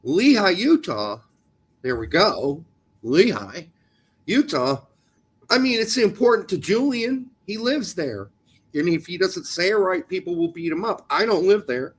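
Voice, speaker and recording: Animated joking man on a soccer podcast. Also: sits high, moderate pace, breathy edge. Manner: joking, animated, teasing about pronunciations. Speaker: podcast co-host. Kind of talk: casual soccer chat.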